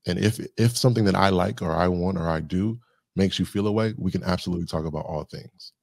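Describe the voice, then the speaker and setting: A man's voice: sits low, quick pace, vocal fry, darkish tone, no room sound. A man talking as a guest on a podcast, reflective and thoughtful, working through ideas with lists and examples. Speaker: guest, communication specialist.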